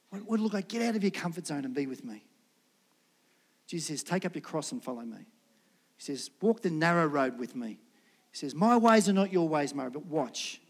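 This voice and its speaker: A middle-aged male pastor preaching a sermon. He acts out prayers and God's replies, swinging from loud lines to hushed ones. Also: high-pitched.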